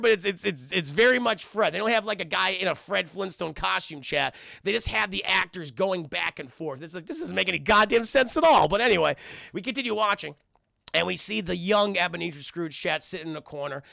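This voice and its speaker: A man giving a casual, profane, excitable scene-by-scene film recap, constantly talking to his live chat. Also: sits high, creaky, no echo. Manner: profane, excitable retelling that keeps addressing the chat. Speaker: film reviewer streaming to chat.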